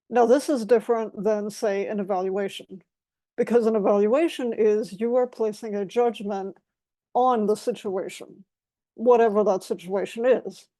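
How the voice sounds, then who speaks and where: A woman's voice: mid-range voice, mellow, no room sound. A woman giving an explanatory talk as a guest speaker, defining terms one by one in a methodical way.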